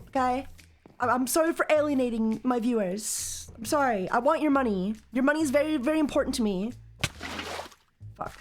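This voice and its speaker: A woman with a slightly high voice chats casually through a live game stream, joking and swearing as she goes. She now and then breaks into loud mock rants aimed at her chat. Faint music plays underneath. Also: moderate pace. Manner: jokey and profane, bursts into loud mock rants.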